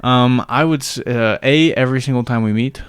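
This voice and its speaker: Laid-back young man, smooth voice. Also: mid-range voice, fairly quick, no room sound. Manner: laid-back, teasing, crude joking. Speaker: podcast host. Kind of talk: casual chat.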